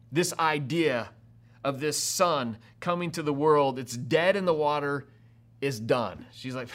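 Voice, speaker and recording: A pastor preaching a sermon to an online audience, acting out people's reactions with laughs and quick asides. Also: male voice, medium pitch. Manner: animated, acts out quoted reactions with laughs.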